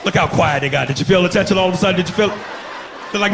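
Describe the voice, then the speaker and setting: A man doing a stand-up comedy set, telling stories in a loud, profane, animated way. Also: sits high, rapid-fire, vocal fry. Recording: live club recording, crowd and noise.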